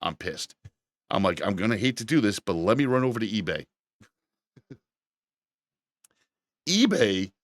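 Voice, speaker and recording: A man with a fairly low voice, talking casually on a podcast and telling an exasperated story that is peppered with profanity. His voice is close and dry, with no room sound at all. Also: fairly bright tone, no room sound. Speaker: podcast co-host. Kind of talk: casual chat.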